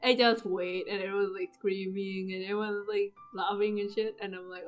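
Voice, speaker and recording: A young woman casually recapping her game summons, often jumping into high, loud squeals as she replays her own screaming. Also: moderate pace. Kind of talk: casual excited commentary over gameplay. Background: game music.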